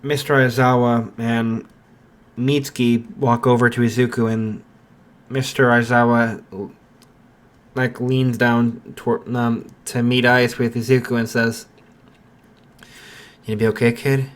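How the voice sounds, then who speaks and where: Slow, halting male storyteller. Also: mid-range voice, flat delivery. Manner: halting, many fillers and restarts. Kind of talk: improvised fan-fiction narration.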